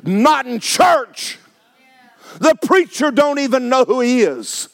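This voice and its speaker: A man preaching, his fairly high voice swooping up and down as he hammers phrases home. He sounds middle-aged, folksy and emphatic from the pulpit. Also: sing-song, slow pace, gravelly. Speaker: pastor. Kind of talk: sermon.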